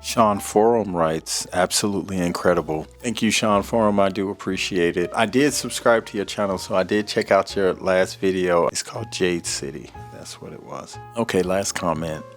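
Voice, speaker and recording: A man hosting his book channel, chatting casually and reading out viewer comments, relaxed and at times drifting soft and quiet. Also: low voice, normal speed, hardly any pauses, soft background music. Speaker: booktube host.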